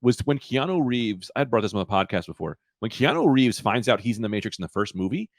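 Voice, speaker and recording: A man with a mid-pitched voice that swings widely as he tells stories on a podcast, acting out the people in them. The sound is dry and close. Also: fast talker, dry recording. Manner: lively storyteller who acts out the people in his anecdotes. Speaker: podcast co-host. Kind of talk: casual chat.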